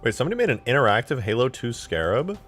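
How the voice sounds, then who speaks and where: A man live-streaming, chatting casually and excitedly with his viewers while eating and reacting to videos. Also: medium pitch, fast, music in the background. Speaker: livestreamer reacting to game mod videos.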